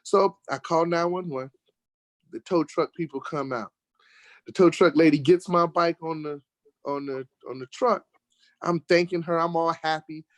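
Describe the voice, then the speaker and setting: A guest on an online talk show, an animated American man with a voice on the high side, casually tells a story from the road at a moderate pace. No room sound is audible. His voice shoots up sharply when he acts out arguments.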